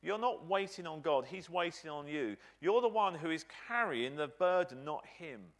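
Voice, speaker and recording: A British man delivers a sermon from the pulpit, his voice sitting a little high and swinging widely in pitch. He drives points home by repeating short phrases with emphasis. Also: animated, normal speed. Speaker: pastor.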